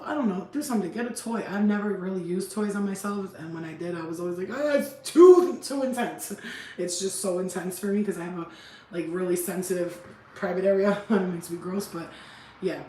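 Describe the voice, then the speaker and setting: A woman's voice: on the low side, roomy sound, far from the mic, a little hiss or hum, poor audio. A woman chatting casually on a livestream, blunt and profane, laughing often and acting out quotes in other voices. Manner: animated, acts out quotes. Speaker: spiritual healing vlogger.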